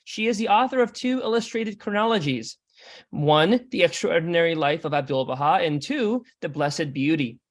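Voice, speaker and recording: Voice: mid-range voice, animated, moderate pace. A host introducing a speaker and welcoming the audience at an online meeting, part of it read out. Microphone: video call.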